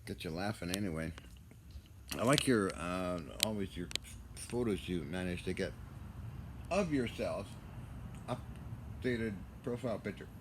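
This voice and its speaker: Brief: low-voiced male vlogger, loose rambling talk, faint hiss in the background. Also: lively intonation, a little slow, pauses often. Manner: joking, rambling, often laughs. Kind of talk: casual rambling monologue.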